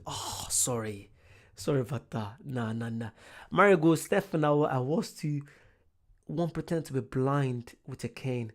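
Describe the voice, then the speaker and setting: A man's voice: mid-range voice, creaky. A young man chatting casually on a live reaction stream, reading viewer comments and telling stories while apologizing often. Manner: chatty storyteller who keeps apologizing.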